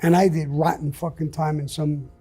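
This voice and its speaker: Older man, interview guest, blunt profane storyteller, dark mellow tone. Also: on the high side, little pitch movement, normal speed, breathy edge, soft background music.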